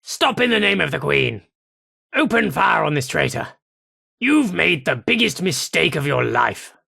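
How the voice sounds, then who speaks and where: An actor playing a gruff British soldier loyal to the Queen in a game, barking military commands. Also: a little high, very animated, measured pace, pushed and bright, no room sound, studio quality, full character voice. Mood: menacing. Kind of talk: game voice lines.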